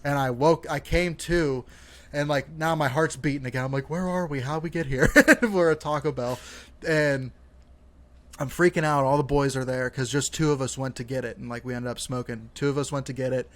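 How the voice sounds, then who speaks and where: A man's voice: medium pitch, fairly even intonation, normal speed. Young man rambling through a casual story. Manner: rambling storyteller, swears freely, many fillers like "like". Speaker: podcast co-host. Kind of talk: casual podcast chat.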